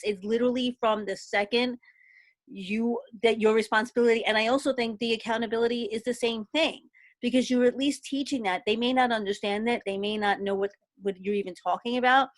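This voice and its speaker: A woman's voice: on the high side, steady tone, brisk. Emphatic woman in casual discussion. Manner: emphatic, conversational. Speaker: panelist.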